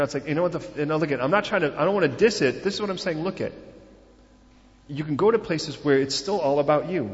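A man's voice: on the high side, in a large hall, dull audio. A man preaching a sermon in a conversational way, full of rhetorical questions and filler phrases. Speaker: pastor.

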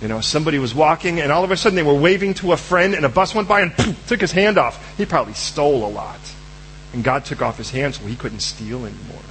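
A male preacher with a high, very lively voice delivers a sermon and acts out both sides of his talks with God. A faint hum sits under the recording. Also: quick pace, low-quality recording.

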